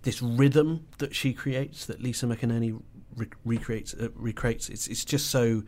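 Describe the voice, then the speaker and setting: A man on a podcast panel talking over a novel, halting and restarting often as he thinks aloud. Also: medium pitch, fairly even intonation, a little mellow. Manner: halting, with many restarts and fillers. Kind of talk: casual book club discussion.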